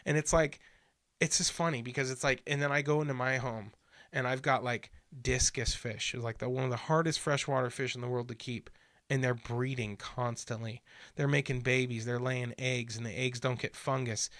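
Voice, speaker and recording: A man talks through a casual podcast conversation with earnest, insistent energy, slipping into little voices to act out the people in his stories. His voice sits at a middle pitch and the recording is close and dry, with no room sound. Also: moderate pace, no echo. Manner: animated storyteller who acts out quotes.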